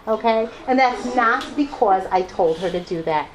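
A woman's voice: mid-range voice, expressive, moderate pace, few pauses, background noise. A mother telling personal stories to a live audience, laughing often and acting out the people she quotes. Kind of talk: personal storytelling talk.

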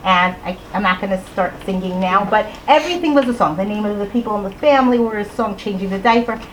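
A middle-aged woman telling a personal story to an audience in an animated way, acting out voices and rhyme lines. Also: mid-range voice, fast, a little hiss or hum, poor audio. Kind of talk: storytelling talk.

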